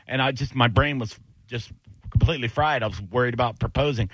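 A man hosting a radio show, chatting casually and telling stories with lively acted-out quotes. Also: medium pitch, quick pace, husky, no echo. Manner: animated storyteller, acts out quotes in other voices. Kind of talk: casual chat.

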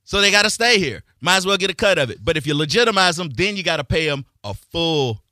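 A man's voice: a little high, very animated, quick pace, pushed and bright, dry recording, studio quality. A male radio show host talking in brash, joking, streetwise banter.

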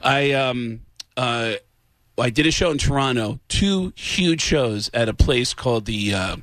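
A man's voice: medium pitch, a little slow, no room sound. A man in his forties, a comedian and guest, telling stories casually in an interview and slipping into character voices. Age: 40s. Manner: animated storyteller who slips into character voices.

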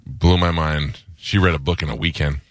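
A man's voice: very deep voice, steady tone, normal speed, no room sound. A middle-aged man hosting a radio show, teasing his co-hosts in casual banter with a dry, jokey delivery. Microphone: studio microphone.

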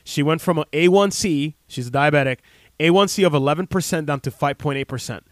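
A man in his thirties hosts a radio talk show from the studio. His talk is casual and rambling, full of fillers and restarts. His voice sits a little high for a man, and the close mic sounds very dry. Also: brisk, no room sound. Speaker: chiropractor radio host.

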